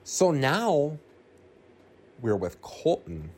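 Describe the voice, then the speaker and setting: A man casually recapping a horror film as a host, animated and chatty, acting out the characters' lines between narration. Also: on the high side, drawn-out words, a little hiss or hum. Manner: animated, swears and laughs, acts out characters' lines.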